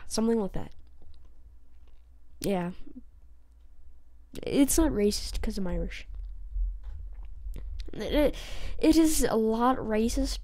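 Brief: chatty let's-play host, woman, slow and rambling, dry close sound. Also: mid-range voice, creaky, dark tone, dry recording. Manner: rambling, self-correcting, chatty. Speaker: gaming channel host. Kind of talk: casual let's-play commentary.

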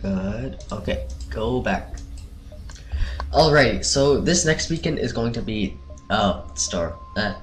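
A man hosting a let's play, reacting with excitable outbursts and plenty of fillers while he orders his crew around. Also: fairly low pitch, takes it slowly, faint music behind. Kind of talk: casual gameplay commentary.

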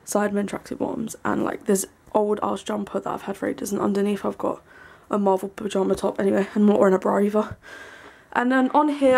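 A young woman giving a casual, rambling tour of her small bedroom, full of ums and likes, sometimes hushed. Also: medium pitch, vocal fry. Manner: hushed at times so as not to wake her brother. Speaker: vlogger. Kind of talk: casual room tour vlog.

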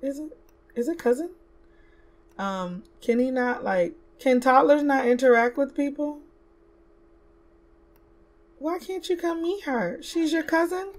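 A woman's voice: high-pitched, animated, measured pace, pauses often. Chatty woman narrating a life-sim game. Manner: chatty, talks to the game characters, slips into Southern US slang. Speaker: gaming YouTuber. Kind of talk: casual let's-play commentary.

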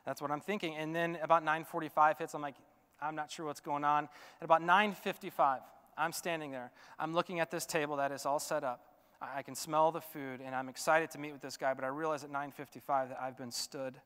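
A male pastor telling a story in a sermon, animated and chatty with lots of fillers, in a church sanctuary. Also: on the high side, a little fast, clear, resonant tone, in a large hall.

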